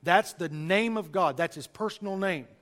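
A man with a Southern US accent giving an emphatic, lively sermon-style Bible lesson to a church group, with folksy asides. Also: sits high, moderate pace. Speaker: preacher teaching a class.

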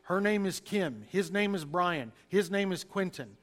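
A man with a Southern US accent teaches scripture the way a preacher does, leaning hard on key words and dropping folksy asides. His voice sits a little higher than most men's. He sounds like he is speaking to a church class. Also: measured pace, few pauses. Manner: animated, emphatic, folksy asides. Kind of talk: sermon-style Bible teaching.

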